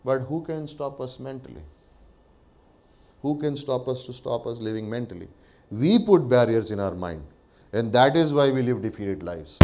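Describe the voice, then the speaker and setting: A man's voice: medium pitch, a little mellow. A male pastor preaching a sermon, posing rhetorical questions to the congregation, answering them himself, and laughing lightly between points. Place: church.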